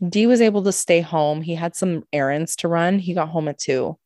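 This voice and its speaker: A woman co-hosting a podcast, telling a story in a lively, casual way, swearing freely and acting out what people said. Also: lowish voice, normal speed, dry recording, clean studio sound. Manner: animated, swears a lot, acts out quotes. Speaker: podcast co-host.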